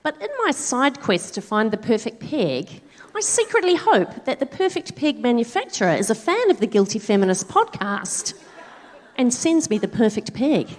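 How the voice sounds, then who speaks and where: A woman co-hosting a live comedy podcast on a theatre stage, firing off quick deadpan quips. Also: fairly high pitch.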